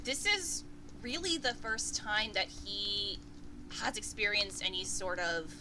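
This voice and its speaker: A woman narrating as game master of a tabletop game, chatty and animated, with filler words. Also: mid-range voice, takes it slowly, noisy background.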